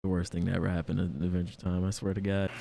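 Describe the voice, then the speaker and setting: A man's voice: deep voice, flat delivery, quick pace, vocal fry, noisy background. A man reacting to a cartoon in casual commentary, incredulous and repeating himself. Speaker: reaction video creator.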